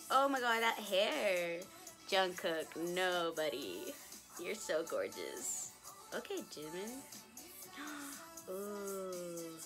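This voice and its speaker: Bright-voiced young woman vlogger. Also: medium pitch, lively intonation, extremely slow. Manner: chatty and gushing, breaks into laughs and gasps. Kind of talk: casual reaction vlog. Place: at home, sitting down. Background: music video playing faintly.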